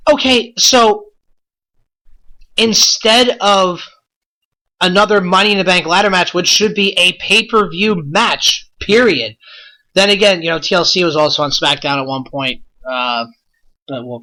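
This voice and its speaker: A man's voice: high voice, sharp tone. A man hosting a wrestling podcast, ranting in an exasperated, blunt way with lots of rhetorical questions. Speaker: podcast host.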